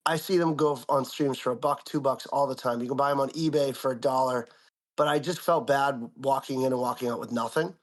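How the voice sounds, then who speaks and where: A young man co-hosting a podcast, telling an indignant story in a casual, animated way with lots of "like". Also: mid-range voice, a little fast. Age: young adult. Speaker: podcast co-host.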